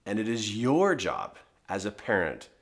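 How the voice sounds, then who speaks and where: A man's voice: fairly low pitch, wildly swooping pitch, unhurried, gravelly. A middle-aged man giving an emphatic teaching talk to parents as a parenting coach, driving his points home with rhetorical questions.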